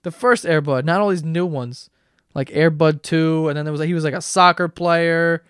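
A young man hosting a solo comedy podcast, ranting profanely and excitably, with a throat sore from yelling. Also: on the high side, moderate pace, clear, resonant tone, no echo, clean studio sound. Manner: profane, excitable ranting with sudden loud outbursts. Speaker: podcast host.

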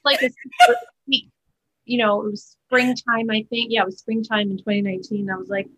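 A woman's voice: on the high side, fairly even intonation, fairly quick, a bit bright, breathy edge, muffled recording. A woman Broadway actor chatting as an interview guest, talking in a loose, chatty way full of fillers and restarts. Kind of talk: casual interview chat.

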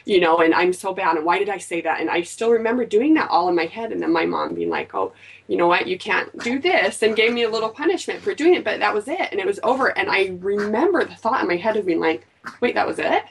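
A woman's voice: mid-range voice, quick pace, slightly rough. A woman co-hosting a casual talk show, telling a personal story in an earnest way. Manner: earnest storytelling, animated quoted voices. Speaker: co-host. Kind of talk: casual chat. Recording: voice from a distance off the mic.

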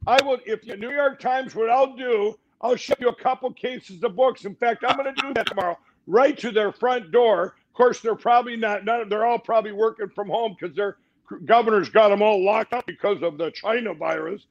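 Speaking fairly quickly in a high voice, a middle-aged man rambles emphatically as a talk show guest, frequently starting over. It's fast, meandering interview talk captured on dull lo-fi audio.

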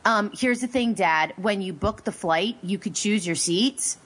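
A woman hosting a casual talk show, opinionated and lively, her voice going high when she gets excited. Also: a little slow, breathy edge. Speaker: podcast host. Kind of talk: casual chat.

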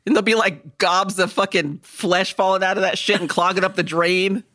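A woman's voice: medium pitch, moderate pace. A woman co-hosting a podcast, chatting casually with crude, joking humor. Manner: profane, joking, animated. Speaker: podcast co-host. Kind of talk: casual comedic chat.

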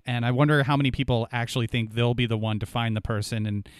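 A man with a mid-pitched voice weighs the details of a case in casual talk, asking questions as he goes. His voice is close and dry. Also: fairly even intonation, fast talker, clear, resonant tone, dry recording. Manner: questioning, reflective. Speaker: podcast co-host. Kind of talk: casual discussion.

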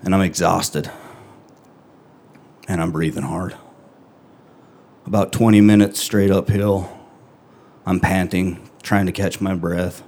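Before an audience, a middle-aged man tells a personal, first-person story live in a deep, low voice. His tone stays even and steady with little rise and fall, and he is earnest and halting, pausing long between phrases.

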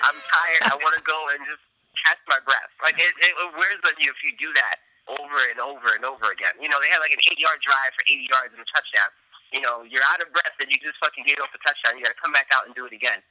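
A man in a casual sports talk, animated and swearing, acting out players' reactions. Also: mid-range voice, fast talker, no room sound, poor audio.

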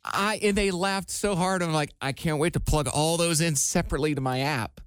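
A man's voice: a little high, fairly quick, clear, resonant tone, dry recording, clean studio sound. Laid-back man in his forties telling stories. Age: 40s. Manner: storytelling, laid-back with frequent likes. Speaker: radio show host. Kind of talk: casual chat. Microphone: studio microphone.

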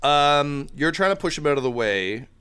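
A man's voice: a little high, very animated, normal speed, bright, forceful tone, smooth. A man running a tabletop game as game master, laid-back and full of fillers.

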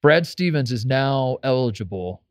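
A man's voice: mid-range voice, lively intonation, normal speed, no room sound, clean studio sound. A man hosting a casual sports talk radio show, rambling with many restarts. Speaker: radio host.

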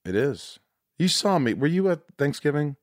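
A man's voice: a little high, sing-song, moderate pace, dry recording. A man hosting a podcast in casual chat, talking earnestly and profanely with many restarts, on a studio mic. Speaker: podcast host.

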